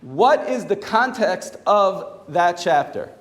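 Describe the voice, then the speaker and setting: A man, a rabbi, teaching a Torah class in a lively, animated way and acting out the quoted voices. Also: sits high, takes it slowly. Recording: echoey hall with long reverb.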